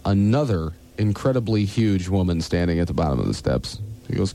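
A man hosting a radio morning show, telling long jokes and slipping into quick character voices. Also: low-pitched, expressive, mellow.

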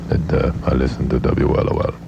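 A man voicing a pompous elderly male statesman with a German accent, slow, low and self-important, in a comedy radio bit. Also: level tone, creaky, background noise, exaggerated voice. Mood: droning. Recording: dull lo-fi radio broadcast.

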